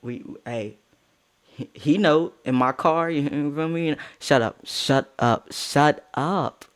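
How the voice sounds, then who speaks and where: A man's voice: fairly high pitch, takes it slowly. Brash young woman, blunt, taunting, a man putting her on.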